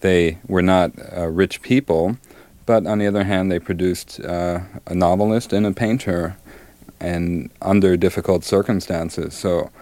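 A middle-aged man, a novelist, answering interview questions thoughtfully with many pauses and fillers, and reading from his book. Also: deep voice, steady tone, a little mellow, no room sound.

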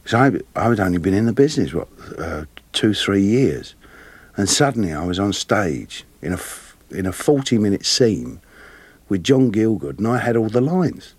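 A man with a Cockney accent, a guest actor telling lively anecdotes with frequent laughter. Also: on the low side, normal speed, breathy edge, no room sound. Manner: animated, laughing often, plays voices in his stories. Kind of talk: storytelling interview anecdotes.

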